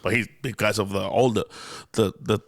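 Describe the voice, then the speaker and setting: A man's voice: fairly low pitch, normal speed, dry recording. A man with a Mexican accent, a guest comedian, telling a story in a casual interview, laughing often and acting out what people said. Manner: animated, laughing often, acts out quoted dialogue, many restarts.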